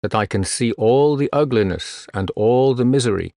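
A man voicing the statue of a dead prince, a gentle male spirit, in a storybook reading, speaking in a slow, solemn, mournful way. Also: medium pitch, gravelly, dry recording, clean studio sound, close to an everyday voice.

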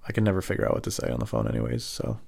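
A man telling rambling comic stories in a deadpan way, jumping into high squeaky voices when he quotes other people. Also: racing, creaky. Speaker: comedian. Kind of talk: rambling storytelling monologue.

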